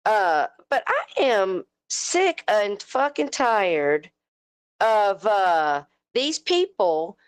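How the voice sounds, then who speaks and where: Talking into headphones with a mic at home, a Southern US woman co-hosting a livestream goes on a heated, casual rant. She's blunt, profane, and fired-up, with a slightly high voice in a dry recording.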